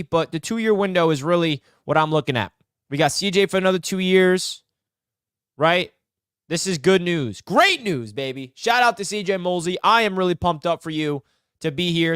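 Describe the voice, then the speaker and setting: A man's voice: a little high, a bit bright, clear, resonant tone, dry recording, clean studio sound. A young man hosting a live sports talk stream, fired up and emphatic as he banters with fans. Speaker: sports channel host.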